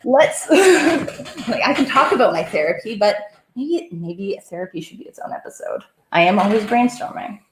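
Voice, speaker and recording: A woman's voice: a little high, sing-song, normal speed, roomy sound, slight background noise. A woman hosting a comedy interview, chatty and giggly, full of "like" and fillers. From Southern Ontario, Canada. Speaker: comedian host. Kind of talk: casual interview chat.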